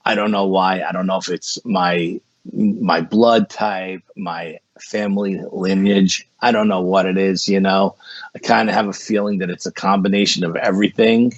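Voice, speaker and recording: A man with a low, husky voice tells a story as a podcast guest. He rambles along casually and keeps saying 'you know'. The sound is dull and lo-fi, with a dry room. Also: no room sound. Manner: rambling, repeats words and says 'you know' often.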